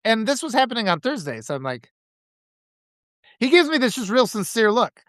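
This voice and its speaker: A man hosting a live video, telling rambling, animated anecdotes full of restarts. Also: very high voice, moderate pace, no room sound, studio quality. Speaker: live-stream host. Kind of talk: casual storytelling on a live video.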